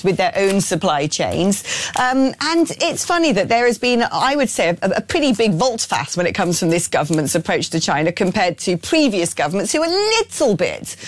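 A woman's voice: on the low side, dry recording. A woman presenting a political talk show, asking pointed questions in a sardonic, opinionated way.

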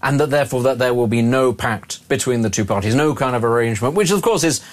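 A man's voice: medium pitch, fast talker. A man hosting a talk radio show, chatty and prone to tangents, interviewing a guest.

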